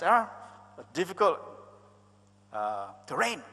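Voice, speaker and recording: A man's voice: a little high, lively intonation, brisk, fairly bright tone. A middle-aged Malaysian man giving an emphatic, rousing conference talk with chatty asides, with a Malaysian English accent. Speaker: motivational speaker. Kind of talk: live conference presentation. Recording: reverberant conference hall.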